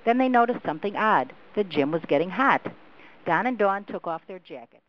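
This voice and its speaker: A woman calling in by phone and reading a short script aloud at a steady pace. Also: mid-range voice, a little fast. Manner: steady read-aloud cadence. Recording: phone call recording.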